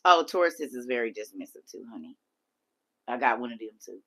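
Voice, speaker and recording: Her voice rumbles low and moves a little fast as this middle-aged livestream host works through the chat. Laughing a lot, she reads comments aloud and responds with animated energy.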